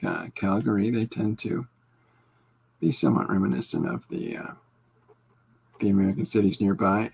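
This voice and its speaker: A man's voice: on the low side, creaky, husky. A man hosting a casual live podcast, chatting with viewers and rambling through asides and self-corrections. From Canada. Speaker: podcast host drawing comics live. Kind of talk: casual live-stream chat reading comments.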